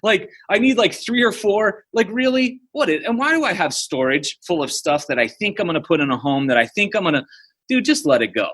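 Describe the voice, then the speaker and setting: A man in his thirties from the United States tells personal stories as a podcast guest, casual and heavy on "dude" and "like." He sounds high-pitched and very animated, talking a little fast, with a slightly bright tone and a breathy edge.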